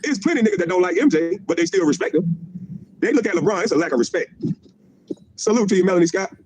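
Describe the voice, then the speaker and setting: A middle-aged man, a former pro basketball player, rants on a livestream in a profane, mocking way, repeating his jabs and laughing at them. He has a high voice, talks fast and animatedly, and there's noise in the background.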